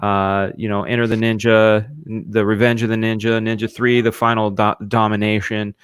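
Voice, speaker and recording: Co-host: man, smooth clear voice, dry close sound, animated rambling chat. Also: lowish voice, normal speed, dry recording. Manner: rambling, animated, full of "you know". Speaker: co-host and storyboard artist. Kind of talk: casual chat on a stream.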